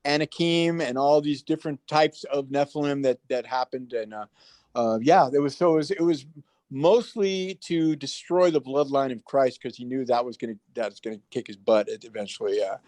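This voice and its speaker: A man's voice: mid-range voice, moderate pace, no echo. A man telling stories in a casual interview, acting out the voices of people he quotes. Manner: animated storyteller, acts out quoted voices. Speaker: guest, actor.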